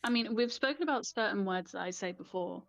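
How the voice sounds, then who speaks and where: A woman's voice: medium pitch, animated, fairly quick, creaky, fairly bright tone, dry recording. A woman with a part-Cockney London accent, chatting casually and giggling often on a live stream. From England. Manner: chatty, giggly, hesitant with fillers.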